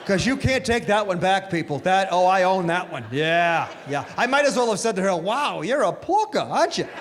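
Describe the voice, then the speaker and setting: A middle-aged man doing a stand-up comedy set, telling stories in an animated way and shouting his punchlines. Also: high voice, a little fast. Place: comedy club stage before a live audience. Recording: live club recording, echoey hall with crowd noise.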